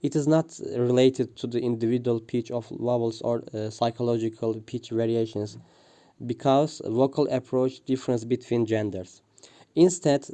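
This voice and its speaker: A man reads a prepared linguistics presentation, pausing often with "uh" and restarting words. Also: medium pitch, mellow. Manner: hesitant, frequent "uh" fillers and restarts. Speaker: student presenter.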